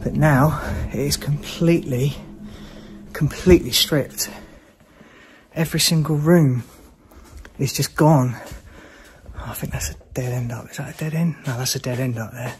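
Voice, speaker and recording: A man's voice: medium pitch, normal speed, long pauses, a little hiss or hum. A man exploring an abandoned hospital on his own, talking to his viewers in jumpy, nervous bursts and swearing whenever something startles him. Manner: jumpy, swearing, breathless exclamations when startled. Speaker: urban explorer. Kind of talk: nervous first-person exploration commentary. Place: large abandoned hospital, indoors.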